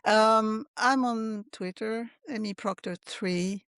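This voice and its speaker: A woman's voice: on the high side, slow pace, fairly bright tone, smooth, dry recording, clean studio sound. A Belgian-born woman with a French accent, an author being interviewed in casual chat, who hesitates, restarts phrases and laughs often. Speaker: author guest.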